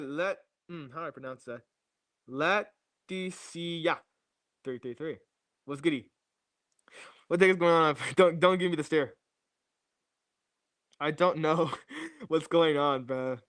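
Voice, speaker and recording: A man's voice: on the high side, slow, pauses often, a bit bright, no echo, studio quality. A young man rambling and joking to his chat during a casual livestream, repeating catchphrases on a new mic. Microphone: new streaming mic.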